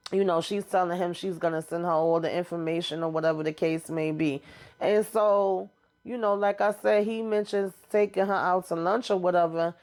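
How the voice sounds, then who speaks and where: A woman's voice: on the low side, darkish tone. A woman hosting a casual TV recap, retelling scenes in a loose, slangy way with lots of "you know what I'm saying.". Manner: slangy and informal, drops verb endings. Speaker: TV recap host.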